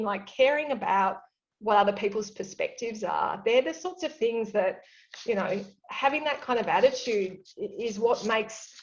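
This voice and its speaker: At an awards evening, a woman with a medium-pitched voice joins over a video call from her home office to give candid, earnest career advice. Describing herself as an extrovert, she reflects with many fillers and restarts, and the audio has its highs cut off.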